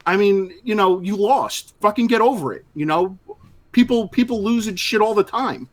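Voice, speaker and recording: A man with a slightly higher voice chatting on a live geek show. He talks bluntly and with energy, and he swears freely. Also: normal speed. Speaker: podcast co-host. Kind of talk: casual livestream chat.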